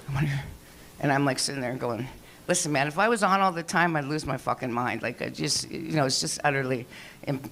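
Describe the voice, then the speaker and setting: Chatty profane woman doing stand-up. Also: low voice. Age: older. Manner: chatty, profane, animated storytelling with many fillers. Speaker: stand-up comedian. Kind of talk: stand-up comedy set. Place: small comedy venue.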